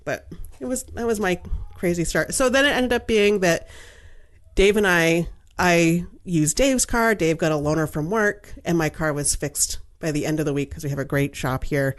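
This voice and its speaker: A woman's voice: fairly low pitch, normal speed. A middle-aged woman from Maine co-hosting a podcast, telling a story in casual chat and acting out the people in it with lots of laughter. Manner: animated storyteller, acts out quoted voices, laughs often. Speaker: podcast co-host.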